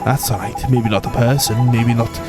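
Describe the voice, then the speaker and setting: A man with a natural, medium-pitched voice and steady tone speaks at a moderate pace. He plays a boastful, chatty little male fairy sidekick in a Welsh accent, teasing and finishing lines with tag questions over game music.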